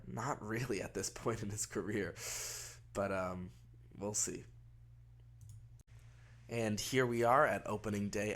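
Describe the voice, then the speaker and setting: A man's voice: lowish voice, fairly bright tone. A young man with a nasal, stuffed-up voice from a cold, casually commentating a baseball management game with rambling, wry asides. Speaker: gaming video host.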